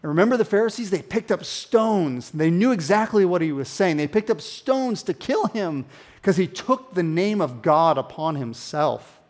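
A man preaching a sermon in a conversational, animated way, often dropping into hushed emphasis. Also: high-pitched, moderate pace. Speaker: pastor.

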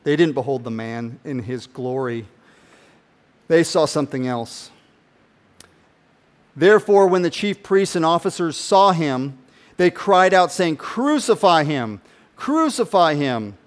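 Emphatic high-voiced male preacher. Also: measured pace, long pauses. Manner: emphatic, swings between loud and hushed; speaks directly to listeners. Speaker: pastor. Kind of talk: sermon.

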